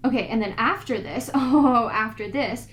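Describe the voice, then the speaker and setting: A woman's voice: fairly high pitch, normal speed, crowd noise, poor audio. A teenage girl telling school stories in a casual podcast chat, acting out the people in them. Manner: animated storytelling, acts out the people in her stories. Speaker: podcast co-host.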